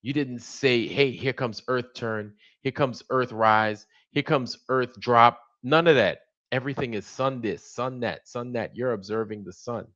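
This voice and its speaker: Animated man telling a story. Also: medium pitch, a little slow, few pauses, lo-fi sound. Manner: animated storytelling, acts out both sides of conversations. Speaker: livestream host. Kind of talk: casual monologue.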